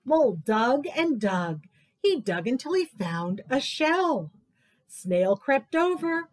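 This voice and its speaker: A woman librarian reading picture books aloud to children at story time, expressive and sing-song. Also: high voice, takes it slowly.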